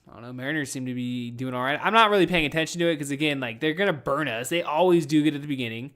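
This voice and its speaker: A man's voice: on the high side, racing, a bit bright. A young man hosting a podcast, rambling casually from his room at home with plenty of swearing. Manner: rambling and profane, laid-back. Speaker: podcast host. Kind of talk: casual solo podcast chat.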